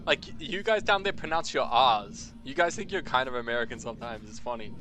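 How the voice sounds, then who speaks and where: A man from New Zealand rambles at his stream chat in a bright, forceful voice, full of slang and swearing. He keeps calling the viewers bro, with faint game music under his talk. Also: mid-range voice, expressive, brisk.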